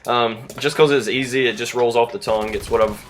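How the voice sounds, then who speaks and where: A YouTuber in his twenties from the Southern United States rambles through a casual story to camera in a Southern US accent. His medium-pitched voice is steady and fairly bright, moving a little fast, and his manner is easygoing and self-deprecating.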